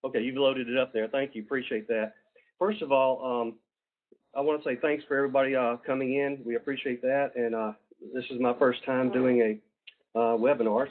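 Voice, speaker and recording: A man with a Southern US accent presenting a webinar, folksy and halting with many fillers and restarts. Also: medium pitch, steady tone. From Georgia, US. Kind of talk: presenting a webinar over slides. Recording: tinny phone-like line.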